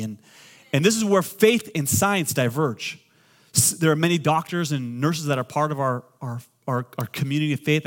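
A middle-aged man, a pastor, preaching a sermon with joking asides, swinging between loud and quiet. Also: on the high side.

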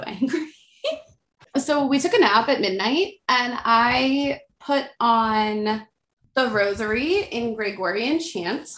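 A woman in her thirties casually telling her birth story as a podcast guest, animated and acting out the voices of others. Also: medium pitch, a little hiss or hum. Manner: animated, acts out quoted voices, frequent likes. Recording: roomy echo.

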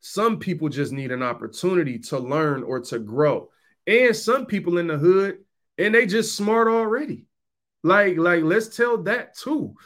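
He's a podcast host with a high, somewhat bright voice, lively intonation, and a measured pace. His monologue addresses listeners head-on, emphatic and slangy, with points repeated for stress.

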